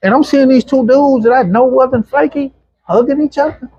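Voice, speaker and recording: A middle-aged man, an interview guest telling personal stories in a casual, animated way and acting out other people's voices. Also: extremely high pitch, normal speed, husky, no room sound. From Arkansas, USA. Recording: dull, muffled lo-fi sound.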